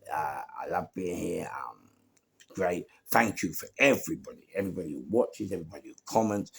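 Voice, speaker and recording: Gravelly London man telling street stories. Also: on the low side, fairly bright tone. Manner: swearing, emphatic, streetwise. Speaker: storyteller. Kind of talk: casual anecdote told to camera.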